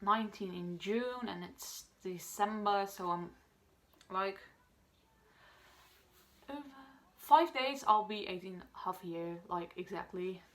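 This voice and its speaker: A woman's voice: medium pitch, takes it slowly, a bit bright. An eighteen-year-old woman whose first language is Dutch, talking to camera in her first vlog in a chatty, rambling way, with lots of fillers and restarts. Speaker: vlogger. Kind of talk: casual talk to camera.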